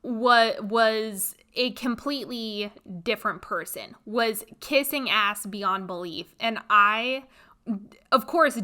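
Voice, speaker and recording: A woman hosting a podcast, telling a personal story in a blunt, expressive, animated way. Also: mid-range voice. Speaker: podcast host. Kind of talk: casual storytelling monologue.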